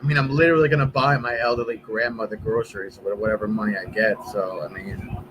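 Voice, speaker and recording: A man's voice: fairly low pitch, steady tone, quick pace, background noise. A man live streaming, chatting casually with viewers in a rambling, profane way.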